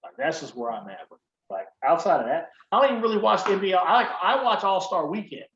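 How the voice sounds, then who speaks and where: A man's voice: high voice, big pitch swings, fast, a bit bright, slight background noise. A man co-hosting a podcast, talking sports in a laid-back, slangy, teasing way. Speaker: podcast co-host. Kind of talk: casual sports banter. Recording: roomy, slightly dull sound.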